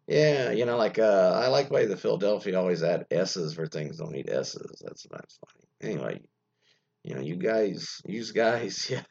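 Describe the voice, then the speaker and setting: A man with a low, expressive voice, vocal fry, and a darkish tone talks at normal speed on dull-sounding audio. Hosting an internet radio show alone, he reads an article aloud casually and rambles through asides, muttered side remarks, and plenty of fillers.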